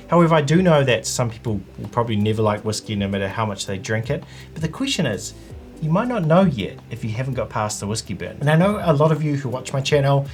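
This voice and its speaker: Chatty man hosting a vlog. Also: mid-range voice. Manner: chatty, conversational, with frequent "like" and "you know". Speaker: whisky channel host. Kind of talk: casual explainer vlog.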